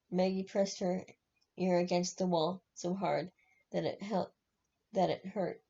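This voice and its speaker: A woman's voice: fairly low pitch, fairly even intonation, unhurried, gravelly, warm tone. A woman reading a novel aloud, often slipping and correcting herself, on a dull lo-fi recording. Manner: frequent slips and self-corrections. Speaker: reader.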